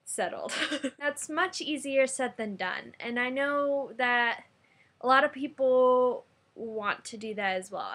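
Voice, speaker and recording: A young American woman talks casually to her camera, bubbly and chatty. Her voice sits a little high and rings bright and sharp, and her volume rises and falls as she talks. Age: young adult. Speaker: vlogger. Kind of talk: casual vlog chat.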